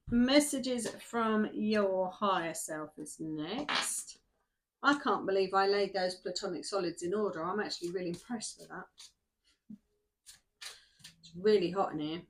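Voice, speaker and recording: Sitting in a summer house, a middle-aged tarot card reader rambles casually to herself while shuffling and reading oracle cards. Her voice is medium-pitched and chatty, with slight background noise.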